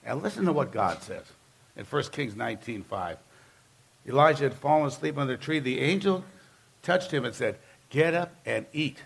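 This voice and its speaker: A man's voice: mid-range voice, animated, normal speed, gravelly, slightly rough. A man preaching a sermon as pastor, talking to the congregation in an emphatic, conversational way and driving points home with repeated phrases.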